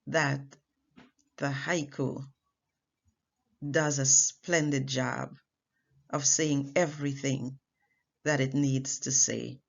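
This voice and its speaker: A woman teaching artist leads a poetry lesson in a low, gravelly voice. She talks slowly and deliberately, with measured pauses between phrases. The recording sounds a little dull and lo-fi.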